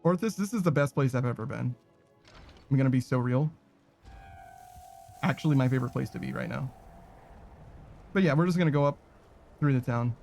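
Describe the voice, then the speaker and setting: A man's voice: mid-range voice, a little fast, vocal fry, long pauses, darkish tone, soft background music. A man giving casual, profane, sarcastic commentary while playing a video game. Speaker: gaming streamer.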